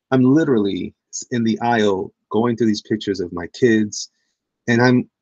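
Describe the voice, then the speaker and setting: A low, gravelly man talks to his livestream chat in a loose, rambling way, often poking fun at himself. His voice is husky, and the sound is dry and a little dull, like a lo-fi recording. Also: darkish tone, no echo. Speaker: comic artist livestreaming while drawing.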